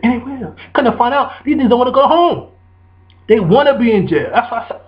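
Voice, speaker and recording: A man's voice: high-pitched, lively intonation, fast talker, dull audio. A man delivering a profane, preachy ranting monologue full of repetition and street slang.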